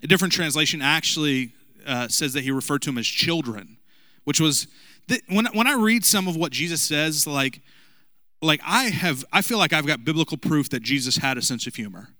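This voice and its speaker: Guy preaching a laid-back sermon, jokes with the crowd, bright voice, dry close mic. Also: on the high side, expressive, brisk, dry recording. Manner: conversational, jokey preaching with asides to the congregation. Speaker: pastor.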